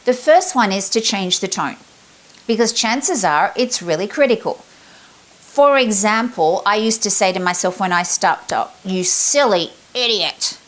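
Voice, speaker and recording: A woman's voice: medium pitch, expressive, normal speed. Upbeat woman coach. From Australia. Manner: upbeat, chatty, acts out her examples. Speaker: sales confidence coach. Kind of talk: motivational talk to camera.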